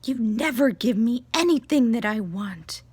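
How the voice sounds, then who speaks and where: Brief: mother impersonating a pouty teen daughter, high and whining. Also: expressive, slow, no room sound. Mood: whiny. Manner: whining, sulky. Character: whiny demanding teenage daughter.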